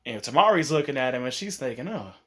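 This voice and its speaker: A man's voice: mid-range voice, expressive, fast, a bit bright, breathy edge. A man casually telling a fan-fiction story, chatty, often laughing and coughing. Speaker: YouTube storyteller.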